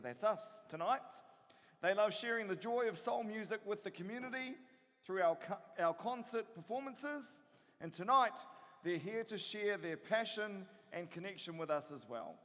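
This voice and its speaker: A man's voice: high-pitched, fairly bright tone. A man with a New Zealand accent, MC-ing a stage show in an upbeat way and rallying the crowd before introducing acts. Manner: upbeat, rallies the audience. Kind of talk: stage announcing. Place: large theatre stage. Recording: long hall reverb in a theatre.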